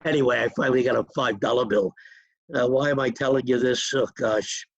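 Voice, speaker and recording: An older man, his voice gravelly and husky. He drifts from one memory to the next in a rambling, chatty way. The sound is close and dry. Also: medium pitch, steady tone, a little fast, no echo, lo-fi sound. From New York. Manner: rambling, digressive storytelling with chuckles. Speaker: interview guest. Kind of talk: reminiscing in a casual interview.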